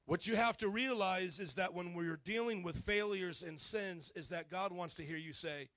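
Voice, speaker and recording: Male pastor, high voice, dry recording; lively sermon with call-and-response. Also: unhurried, few pauses, dry recording. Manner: animated storytelling, bursts into loud delivery.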